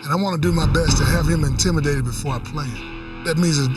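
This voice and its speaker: A man's voice: a little high, fast talker, recorded from a distance, loud music behind the voice. A man speaking in an archival interview clip in an intense, matter-of-fact way.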